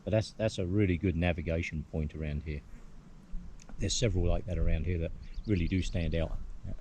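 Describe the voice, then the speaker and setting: Hiking a hillside, a man with an English accent muses aloud to the camera, rambling and humming a lot in casual outdoor vlog commentary. His voice is low, steady, a little mellow, and fairly quick, with slight background noise.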